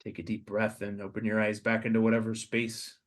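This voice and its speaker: A man hosting a podcast, leading listeners through a slow guided meditation with soft, hesitant restarts. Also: on the low side, completely flat delivery. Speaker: podcast host.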